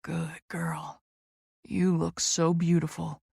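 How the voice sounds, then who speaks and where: Woman doing a commanding male lover, low, teasing, dominant, gravelly, dry booth sound. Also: steady tone, unhurried, darkish tone, no room sound.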